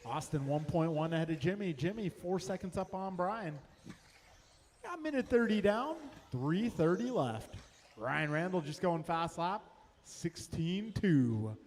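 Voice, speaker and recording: A man calling a hobby race over the track speakers, briskly reading off lap times, positions and gaps. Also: sits high, animated, a little mellow, long reverb tail. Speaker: race announcer. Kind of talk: race commentary.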